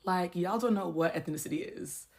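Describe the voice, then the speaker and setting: A fairly low-pitched woman from the United States rants straight to camera. She argues point by point and keeps checking in with rhetorical questions. She sounds casual and heated. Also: a little fast, vocal fry, darkish tone. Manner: argumentative, explaining step by step, rhetorical questions. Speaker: social media creator. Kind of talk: ranting to camera.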